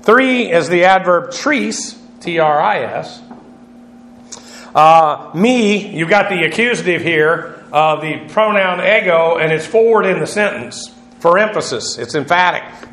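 A man's voice: fairly high pitch, fairly bright tone, reverberant. A man teaching a Bible lesson on Greek word meanings, spelling words out letter by letter with frequent fillers.

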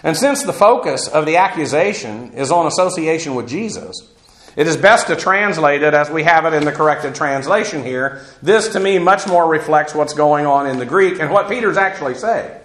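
A man's voice: fairly high pitch, animated, moderate pace, a bit bright, roomy sound. A man teaching through a Bible passage verse by verse, folksy and digressive, with asides and chuckles.

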